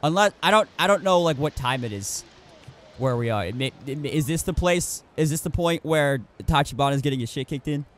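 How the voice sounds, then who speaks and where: This man's voice is fairly high and expressive, and he talks at a brisk clip. He's commentating casually on a video game stream, wandering from thought to thought and frequently starting his sentences over to fix them.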